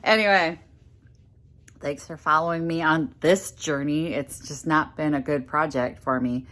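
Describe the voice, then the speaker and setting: A woman's voice: low-pitched, fairly even intonation, measured pace, fairly bright tone. A middle-aged woman in a casual workshop vlog, talking to the camera as she works on a piece of furniture in a room at home. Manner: chatty, talks to camera while working, mutters when frustrated. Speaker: furniture flipper vlogger. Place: home workroom indoors.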